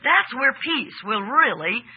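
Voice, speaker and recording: A woman with a high, husky, sing-song voice gives a sermon captured in dull audio, lengthening stressed words for effect and putting questions to the audience as they answer back.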